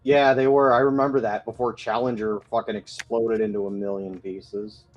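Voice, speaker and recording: A man's voice: lowish voice, little pitch movement, normal speed, muffled recording. A man in casual chat, responding easily and sharing his musings. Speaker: podcast co-host.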